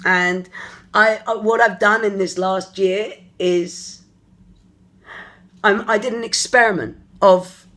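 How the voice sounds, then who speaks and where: Spiritual coach type rambling openly to camera, stops and restarts a lot, mid pitch. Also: steady tone, sharp tone. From London, England. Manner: earnest, searching, thinks aloud in halting phrases. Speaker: energy therapist and spiritual coach. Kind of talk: personal confessional vlog.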